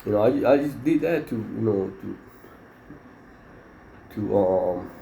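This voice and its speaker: A man's voice: fairly low pitch, lively intonation, slow pace, vocal fry, mellow. A middle-aged man, a former prison inmate telling a rambling story full of slang and fillers. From Mexico. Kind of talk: casual storytelling. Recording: roomy echo with faint background noise.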